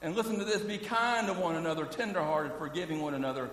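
A middle-aged male pastor preaches with a high, ringing voice, sprinkling his sermon with quick "amen?" and "listen" asides. He sounds distant from the mic, and a long reverb trails each phrase through the church hall. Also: a bit bright. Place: church sanctuary. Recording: echoey hall from far off.

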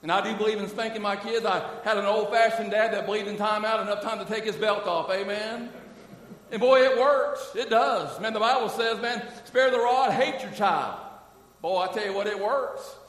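High-voiced preacher in an echoey hall. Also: male voice, normal speed, a bit bright, far from the mic. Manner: emphatic preaching, frequent "amen?" and "listen" asides. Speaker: pastor. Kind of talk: sermon. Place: church sanctuary.

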